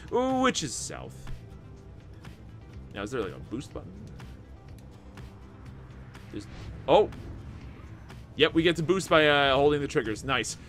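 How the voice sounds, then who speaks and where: Animated man narrating a video game. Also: a little high, takes it slowly, long pauses, faint music behind. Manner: animated, reads dialogue aloud with excitement. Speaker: gameplay video host. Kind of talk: reading game text aloud and commenting.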